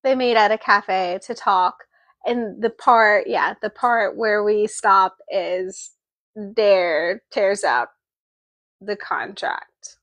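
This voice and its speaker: A woman's voice: medium pitch, slow, no echo. A woman co-hosting a book club, animatedly retelling the plot in casual discussion. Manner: animated retelling, acting out character lines.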